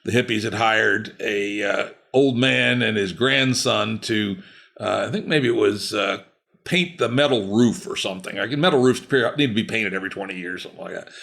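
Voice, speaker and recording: A man's voice: on the low side, normal speed, creaky, fairly bright tone. An older man hosting a podcast interview, chatting casually with wry asides. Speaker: podcast host.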